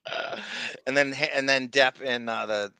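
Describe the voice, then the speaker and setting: A man's voice: mid-range voice, a little slow, smooth. A man hosting a casual podcast, reading live chat and ranting with lots of laughter. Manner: animated, ranting, laughs often. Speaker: podcast host.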